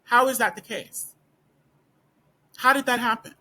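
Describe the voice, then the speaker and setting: A woman talks straight to her camera in a casual vlog, her voice bright and edged with tension. She presses her point with rhetorical questions and keeps circling back through "like" and "you know." Her voice is not deep. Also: fairly even intonation, measured pace. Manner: emphatic, with rhetorical questions and repeated fillers. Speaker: student. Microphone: camera or phone facing speaker.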